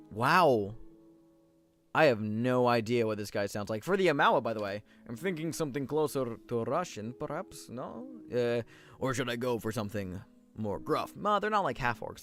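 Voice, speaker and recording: A male game streamer chats casually with his audience in an average-pitched voice. He jokes at his own expense and asks viewers for input, with faint music running in the background. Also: big pitch swings, moderate pace, fairly bright tone. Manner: chatty, self-deprecating, talks to viewers.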